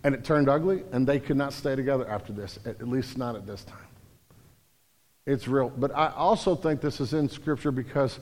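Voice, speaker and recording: A man preaching a sermon in a lively, animated way, acting out quotes loudly. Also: mid-range voice, moderate pace. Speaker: pastor. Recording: hall reverb.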